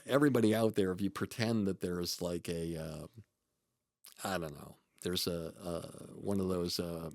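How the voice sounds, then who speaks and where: A low-voiced man tells a story earnestly in a podcast interview. He is a comedy manager who pauses and restarts as he thinks. The sound is close and dry. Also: darkish tone, dry recording. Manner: earnest, reflective, halting with restarts.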